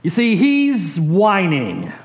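A man's voice: high-pitched, wildly swooping pitch, slow pace, echoey room. A man preaching a sermon, telling stories animatedly and acting out quotes with chuckles. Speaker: pastor.

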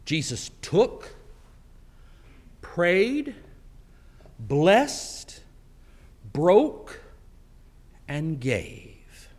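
A man preaching a sermon in a church, telling the story with animated delivery and acting out the quotes. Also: on the high side, extremely slow, long pauses. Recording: long hall reverb.

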